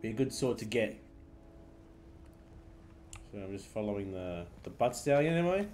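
A man's voice: on the low side, very animated, normal speed, a little mellow, slight background noise. A man live-streaming a video game, commenting casually in a laid-back, amused way.

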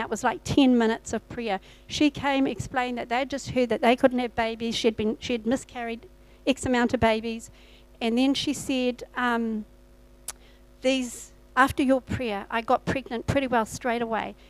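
A woman's voice: on the high side, fairly even intonation, moderate pace, rough recording. A woman pastor, preaching a sermon and telling a personal testimony with acted-out dialogue. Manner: storytelling, acts out her own past dialogue. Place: church.

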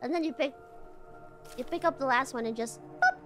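A woman's voice: high voice, fairly quick, loud music behind the voice. A woman streaming a game from home, chatting casually and shrieking whenever she gets startled. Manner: excitable, jumpy, shrieks when startled. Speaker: VTuber streamer. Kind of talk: casual gameplay commentary.

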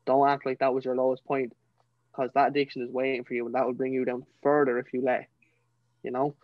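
A man's voice: mid-range voice, level tone, a little fast, dry recording, dull audio. A young man with a Dublin Irish accent, a podcast guest telling his personal story in an earnest, emotional way, often saying "you know". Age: young adult.

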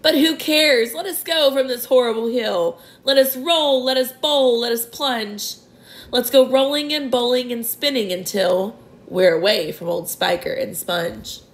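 A woman's voice: mid-range voice, steady tone, measured pace, hardly any pauses, close to an everyday voice, rough recording. A woman voicing a grinning, boastful male centipede who recites a bouncy rhyming verse. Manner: exuberant, sing-song rhyming.

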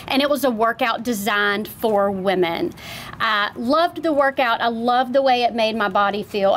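A woman speaks at a podium mic, heartfelt and close to tears. Her voice sits high, and faint background noise is heard. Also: fairly bright tone. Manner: emotional, teary, heartfelt thanks. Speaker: studio owner giving a speech. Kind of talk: ceremony speech. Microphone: podium microphone.

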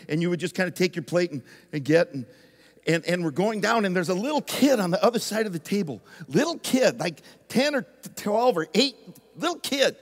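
A man who is a pastor, telling a lively story in a sermon, moving from loud excitement down to hushed intensity. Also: sits high. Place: church sanctuary. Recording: long church reverb.

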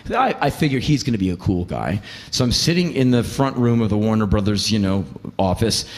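A man performing spoken word, telling a comic story in an intense, profane, animated way. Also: fairly low pitch, a little fast. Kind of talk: live comedic storytelling. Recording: reverberant hall with faint ambience.

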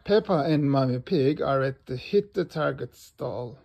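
A man reading a children's picture book aloud in an animated way. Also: mid-range voice, creaky, muffled recording. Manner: slow and animated. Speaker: storybook reader.

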